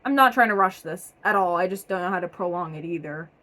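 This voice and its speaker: A young woman chats at home as she reads out stories her viewers sent in. She talks in an energetic, rambling way and drops plenty of casual fillers. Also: on the low side, quick pace. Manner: energetic and chatty, with many fillers. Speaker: vlogger reading submitted stories. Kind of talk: casual chat, reading aloud.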